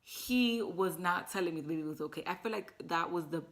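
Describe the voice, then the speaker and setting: A woman's voice: lowish voice, a little fast, fairly bright tone. A young woman vlogger telling a personal story to the camera in casual chat, emotional and teary, full of "like" fillers. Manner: emotional, talks with many "like" fillers.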